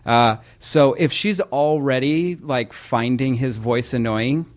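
Man, thirties, podcast guest, halting casual delivery. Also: mid-range voice. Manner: hesitant, stumbles and repeats words.

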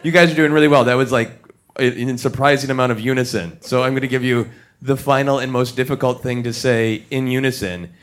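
A man's voice: medium pitch, fairly quick. Upbeat man hosting a live podcast. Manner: upbeat, jokey, energetic. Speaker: podcast host. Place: theater stage before an audience.

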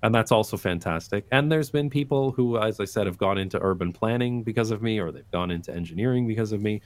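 Low-voiced man explaining at length. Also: fast, no echo. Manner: talkative, explains at length with many restarts. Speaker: guest, urban design YouTuber. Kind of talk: casual interview conversation.

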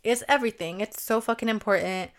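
Young female solo podcaster, chatty and profane, smooth clear voice. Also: fairly high pitch, quick pace. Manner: chatty, swears a lot, says "like" often. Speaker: podcast host. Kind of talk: casual solo podcast chat.

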